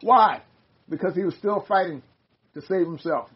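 An older Bible study leader talks casually, stumbling over restarts as they read passages aloud. The voice sounds slightly husky and sits in a mid register. The recording is dull and lo-fi. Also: medium pitch, moderate pace. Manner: rambling, many restarts, reads passages aloud.

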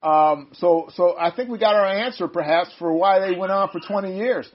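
High-voiced older man leading Bible study. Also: normal speed. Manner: chatty, self-interrupting, laughs often. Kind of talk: casual group Bible study. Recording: dull lo-fi sound.

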